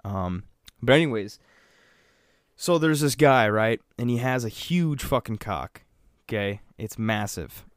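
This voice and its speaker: A man's voice: mid-range voice, animated, a little slow, dry recording, clean studio sound. A man co-hosting a casual podcast, telling a crude joke in a loose, profane way and laughing often. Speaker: podcast co-host. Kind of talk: casual chat.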